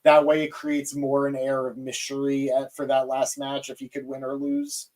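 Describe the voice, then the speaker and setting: A young podcast host with a medium-pitched, darkish voice and some vocal fry talks at normal speed. His casual wrestling recap is enthusiastic and conversational, and he hands off to his co-host.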